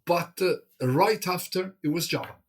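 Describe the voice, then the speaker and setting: In a casual chat as a guest, a man from Italy speaks English in a high-pitched, husky, slightly breathy voice. His delivery halts and hesitates, packed with fillers and restarts.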